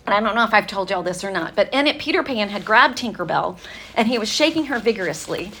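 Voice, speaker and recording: A woman's voice: mid-range voice, lively intonation, quick pace, bright, forceful tone, husky. Earnest woman preaching a sermon. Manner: earnest storytelling, conversational with fillers. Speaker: women's ministry speaker. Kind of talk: sermon-style talk.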